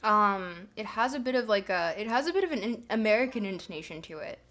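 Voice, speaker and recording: A woman's voice: medium pitch, lively intonation, quick pace, fairly bright tone. A woman streamer chatting casually with her viewers, rambling and giggling with lots of fillers. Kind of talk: casual livestream chat.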